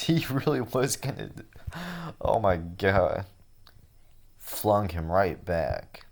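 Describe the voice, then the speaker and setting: Male comic reviewer, laid-back wry commentary, low and slow delivery. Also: animated, creaky, a little mellow. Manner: conversational, wry. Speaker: webcomic reader and reviewer. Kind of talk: casual reaction commentary.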